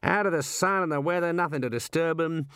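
Guy doing a cheeky aussie kangaroo, matey and knowing, voice pitched up, dry sound. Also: fairly quick, a bit bright, clear, resonant tone, dry recording, close to an everyday voice. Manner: chummy, coaxing, knowing. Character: wily talking male kangaroo guide, matey and cheeky.

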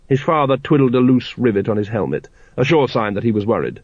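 A man reads a comic fantasy audiobook with wry, measured delivery. The sound is dry and close, slightly dull like a lo-fi recording. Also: medium pitch, big pitch swings, slightly rough, dry recording. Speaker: narrator. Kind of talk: audiobook narration.

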